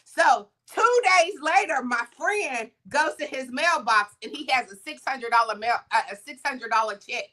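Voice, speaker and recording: A woman co-hosting a morning talk show, telling a story in a casual, animated way and acting out the people in it. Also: high voice, moderate pace, few pauses. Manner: animated, acts out the people in her stories.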